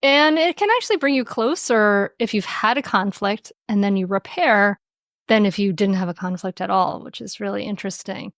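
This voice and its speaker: Gentle, reflective woman podcast guest. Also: medium pitch, moderate pace, dry recording, studio quality. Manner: reflective, gentle, laughs lightly while explaining. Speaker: podcast guest, parenting author and mindfulness mentor. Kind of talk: podcast interview.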